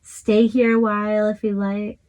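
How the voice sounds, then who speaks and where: A woman instructor gently guiding a stretching class, talking close to the camera from a small closet. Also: medium pitch, measured pace. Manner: calm, encouraging cues with fillers. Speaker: fitness instructor.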